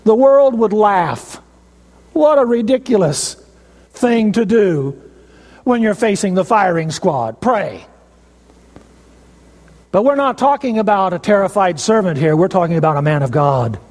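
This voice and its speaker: A man with a high yet darkish-toned voice preaches expressively, telling a story with strong emphasis and dramatic pauses. His words echo with long reverb, as if in a large hall.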